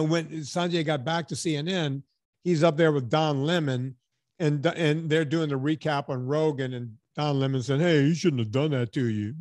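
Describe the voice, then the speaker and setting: A man from Louisiana hosting a podcast, talking in an animated, ranting and profane way. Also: a little high, no room sound, clean studio sound. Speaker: podcast host. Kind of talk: casual chat.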